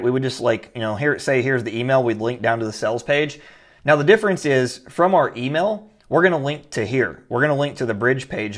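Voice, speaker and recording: A man teaching online marketing in a casual whiteboard tutorial, energetic and full of fillers. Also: medium pitch.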